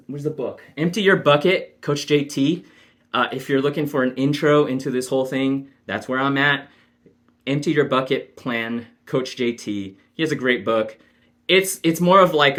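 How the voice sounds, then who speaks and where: A man vlogging casually to camera, animated and jokey, swinging between hyped outbursts and low asides.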